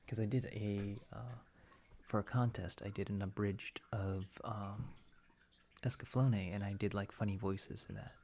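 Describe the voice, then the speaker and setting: Soft-spoken gravelly man, whispering. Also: fairly low pitch, fairly even intonation, a little slow, slight background noise. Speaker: streamer. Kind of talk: ASMR chat.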